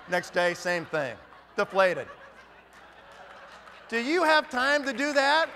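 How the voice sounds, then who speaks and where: A man's voice: extremely high pitch, big pitch swings, takes it slowly, pauses often, sharp tone, big-room sound, slight background noise. A man giving an emphatic motivational talk at a conference, firing off rhetorical questions. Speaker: motivational speaker.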